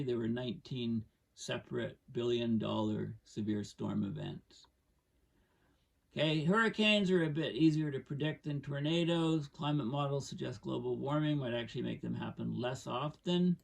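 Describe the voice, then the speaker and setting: A man's voice: mid-range voice, normal speed, vocal fry, distant mic. A man casually explaining climate science over charts, thinking aloud with fillers and bursts of emphasis.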